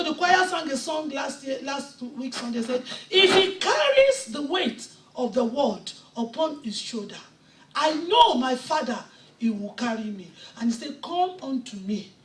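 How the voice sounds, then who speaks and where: A woman preaching a fervent sermon in a high voice, swelling to shouts as she quotes scripture. She is picked up from well back in an echoing church sanctuary. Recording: echoey church sound from a distant mic.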